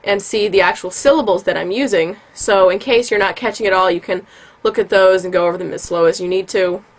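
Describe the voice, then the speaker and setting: A woman with the tail end of a cold giving a casual yodeling lesson, explaining slowly and patiently with many ums. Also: medium pitch. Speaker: yodeling teacher.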